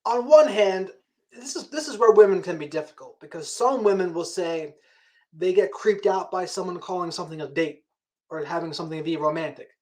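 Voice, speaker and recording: A man hosting an interview, giving relaxed, opinionated dating advice in casual chat. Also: sits high, brisk. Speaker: host.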